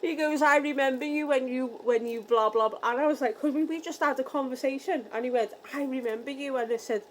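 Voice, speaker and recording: A young British woman from the UK telling a story in a casual vlog, acting out the dialogue with lively energy. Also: sits high, fast talker, slight background noise, poor audio. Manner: animated, re-enacting dialogue. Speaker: vlogger.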